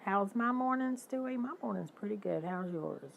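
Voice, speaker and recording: An older woman chatting casually with her livestream viewers, animated, greeting them by name and laughing often. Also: mid-range voice, moderate pace, vocal fry, narrow, tinny audio, slight background noise. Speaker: livestream host. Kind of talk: casual chat with live viewers.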